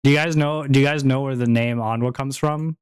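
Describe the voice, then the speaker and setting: A man's voice: mid-range voice, steady tone, a little fast, smooth, no echo. A young man chatting casually on a stream, rambling, repeating himself and laughing often. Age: young adult.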